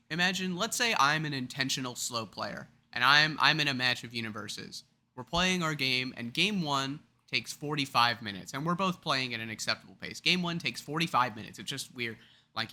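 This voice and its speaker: A man's voice: mid-range voice, bright, forceful tone. A man explaining a card game topic in a chatty, rambling, self-deprecating way, now and then acting out scenarios. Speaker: card game video creator.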